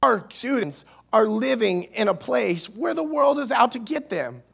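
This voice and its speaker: A man from Missouri preaching a sermon as youth minister, earnest, restarting words, swinging between loud and soft. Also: very high voice, big pitch swings, a little slow, creaky, slightly rough. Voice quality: nasal at times. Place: church.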